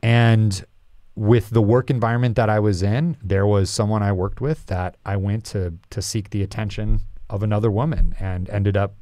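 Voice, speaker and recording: A man who is a podcast guest, telling a personal story in a reflective, halting, confessional way. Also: on the low side, fairly even intonation, dark tone, dry recording, studio quality. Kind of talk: candid personal story in an interview.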